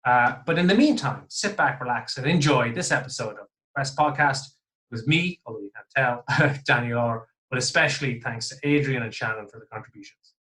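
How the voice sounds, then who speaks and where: A man's voice: mid-range voice, a little fast, bright, forceful tone. A man with an Irish accent hosting a podcast, jovial and chatty with self-deprecating humour. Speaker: podcast host. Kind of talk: casual podcast chat.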